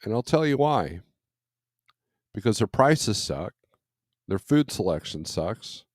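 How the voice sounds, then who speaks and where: Low-voiced man chatting on a livestream. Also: big pitch swings, slow, no echo, studio quality. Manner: rambling and conversational, with frequent fillers and restarts; blunt and opinionated when griping. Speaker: truck driver and livestream host. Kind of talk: casual morning livestream, reading viewer comments aloud.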